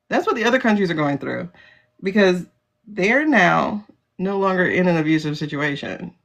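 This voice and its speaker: A woman livestreaming from her phone keeps things casual, talking bluntly and with energy while laughing often and cursing freely. Her fairly low voice carries vocal fry and lively intonation at a moderate pace.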